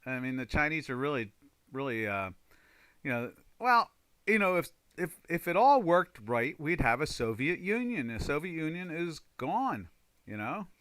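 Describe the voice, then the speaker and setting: A man's voice: on the high side, sing-song, normal speed, fairly bright tone, clear, resonant tone, dry recording. Rambling man hosting a trading stream. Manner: rambling, reads viewer chat aloud, many fillers. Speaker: trading livestream host. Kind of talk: casual live-stream chat.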